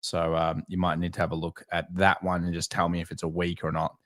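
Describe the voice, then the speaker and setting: A man giving casual live market commentary, talking over charts and answering viewer chat with candid quick asides. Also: sits low, completely flat delivery, a bit bright. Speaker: market analyst streamer.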